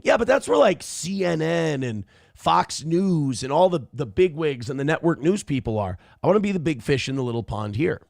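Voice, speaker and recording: A man's voice: fairly high pitch, animated, brisk, creaky, no room sound, studio quality. A man hosting a morning show, giving blunt, profane political commentary in a ranting way. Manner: blunt, ranting, swears often.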